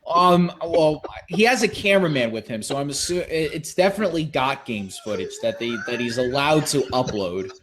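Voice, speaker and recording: Young male podcast host, relaxed storyteller, somewhat high voice. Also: normal speed, few pauses, a little hiss or hum. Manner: storytelling, often slipping into quoted impressions. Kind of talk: casual comedic commentary.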